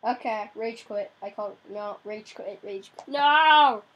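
A young woman giving casual gameplay commentary, excitable, crying out in frustration now and then. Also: medium pitch, unhurried, poor audio. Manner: excitable, yelps and cries out in frustration. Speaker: gamer.

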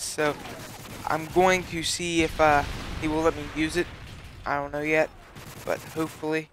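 A man's voice: on the high side, normal speed, fairly bright tone, faint music behind. A teenage boy giving casual, rambling gameplay commentary, swearing freely and filling his talk with "like". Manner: rambling, profane, full of "like" fillers. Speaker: gaming channel host.

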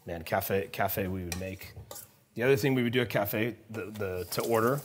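A man's voice: fairly low pitch, normal speed, slight background noise. A man, a chef, chatting casually while cooking in a demo kitchen, telling stories with frequent laughs and restarts.

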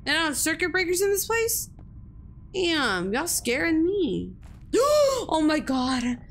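A woman's voice: high voice, very animated, measured pace, fairly bright tone. A young woman streaming a horror game, jumpy, swearing freely and talking back at the game as she plays. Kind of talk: live-streamed gameplay commentary.

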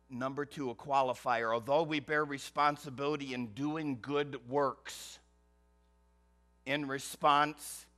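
A male pastor delivering a sermon in a church, leaning hard on key words and posing rhetorical questions. His delivery is slow and deliberate. His tone is bright and forceful. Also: mid-range voice. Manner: emphatic preaching with rhetorical questions.

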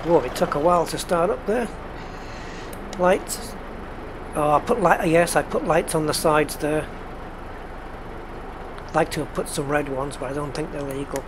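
A man's voice: a little high, normal speed, long pauses, background noise. Chatty man narrating his truck game. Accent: faint northeast English. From northeast England. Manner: chatty, talks to himself and chat while driving. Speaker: gaming channel host. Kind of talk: casual gameplay commentary.

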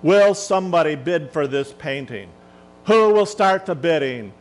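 A man's voice: fairly high pitch, animated, unhurried. A man voicing a formal, persistent auctioneer who keeps pressing for bids. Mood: insistent.

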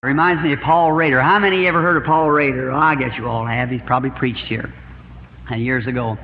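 A man with a Southern accent preaching, telling homespun stories in a chuckling, drawn-out way to a congregation. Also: mid-range voice, steady tone. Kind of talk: folksy storytelling sermon. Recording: dull lo-fi archival sermon tape, long hall reverb, faint hiss.

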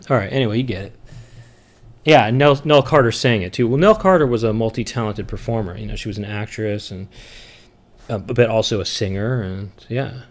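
A man streaming a retro game, chatting casually and rambling, breaking into loud high singing of tunes. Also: animated, normal speed. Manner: rambling, hums and sings tunes loudly and high. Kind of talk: casual chat while gaming.

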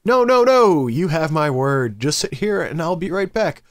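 A man's voice: a little high, sing-song, normal speed, no echo, studio quality. A man voicing a desperate young male thief who begs and bargains for his life. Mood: eager. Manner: pleading, eager.

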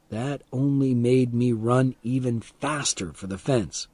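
A man reading a first-person story aloud as an audiobook narrator, calm and expressive, for English learners. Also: mid-range voice, a little slow, few pauses, no echo.

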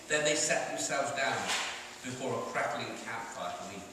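A Swedish author reads his storybook aloud to children in a library, his medium-pitched voice keeping a moderate pace. His storytelling is clear and expressive. The recording is noisy and echoey, taken from far off in a hall.

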